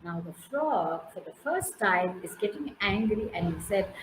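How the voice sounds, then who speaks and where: A woman's medium-pitched, expressive voice moves unhurriedly with few pauses as she tells a class a story in Indian-accented English. She asks questions, draws out answers, and praises listeners by name; the audio is poor and echoey.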